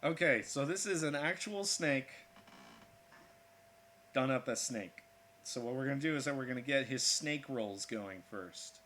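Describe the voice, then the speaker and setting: A man's voice: mid-range voice, animated, measured pace, fairly bright tone, a little hiss or hum. A man hosting an art livestream, joking and talking through each step of his drawing. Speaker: art streamer. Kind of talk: casual livestream commentary while drawing.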